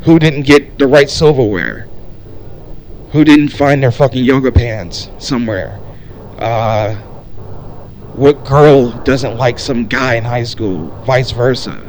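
A man's voice: medium pitch, takes it slowly, a little mellow, slight background noise. A young man hosting a solo podcast, ranting in a rambling way with lots of swearing and fillers. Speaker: podcast host.

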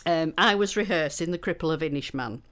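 Actress, lowish voice, rambly chat, laughs a lot. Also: female voice, a little fast, a bit bright. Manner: chatty, rambling, laughs often. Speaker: stage actress. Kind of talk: casual interview chat.

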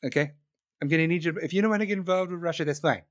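A man's voice: on the high side, very fast, no echo, clean studio sound, natural voice. A man doing an impression of a brash, boastful older male president, talking in blunt, bossy, repetitive phrases. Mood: wheeling-dealing.

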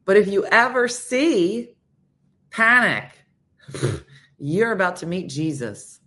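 A woman's voice: mid-range voice, takes it slowly. A woman hosting a morning radio show, telling stories in casual chat and acting out the quotes as she goes, often turning to listeners by name. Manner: animated, acts out quotes in voices.

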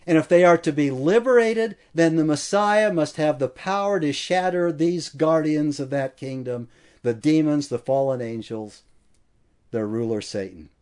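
A man's voice: on the high side, moderate pace, darkish tone. A man preaching an expository sermon with emphasis, stacking repeated phrases as he builds each point.

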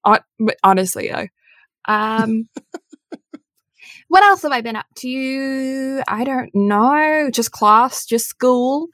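A woman's voice: high-pitched, lively intonation, slow, fairly bright tone, no room sound. A woman in her twenties co-hosting a podcast, rambling casually with giggles and self-deprecating asides. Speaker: podcast co-host. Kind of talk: casual chat.

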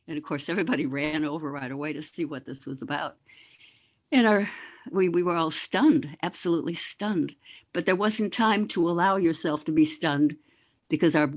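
Animated older woman telling a story. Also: sits low, moderate pace. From Boston area. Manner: animated, vivid storyteller who mimics sounds. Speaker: guest, former news anchor. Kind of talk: reminiscing interview storytelling.

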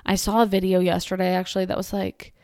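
A woman's voice: mid-range voice, little pitch movement, fast talker, warm tone, no echo, studio quality. Chatty young woman ranting on a podcast. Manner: chatty and ranting, swears, heavy use of "like". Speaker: podcast host. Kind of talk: casual solo podcast chat.

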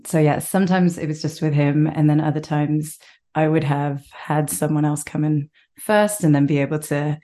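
A woman's voice: deep voice, fairly even intonation, moderate pace, warm tone. A woman with a posh British accent, a guest actor chatting in an interview and laughing often as she talks. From Britain. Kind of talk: casual interview chat.

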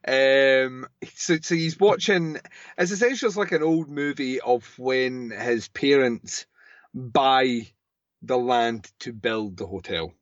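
A man co-hosting a podcast, trading quick, teasing banter in casual chat. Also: mid-range voice, dry recording, dull audio. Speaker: podcast co-host.

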